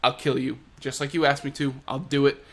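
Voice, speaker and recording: A man voicing a gruff young male swordsman who talks bluntly and with exasperation. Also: mid-range voice, level tone, a little fast, fairly bright tone.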